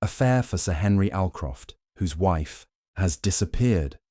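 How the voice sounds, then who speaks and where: A man playing a calm, keen-eyed detective in a storybook reading. He talks in a smooth, measured, almost kind way, with a very deep and mellow voice. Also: no room sound, studio quality.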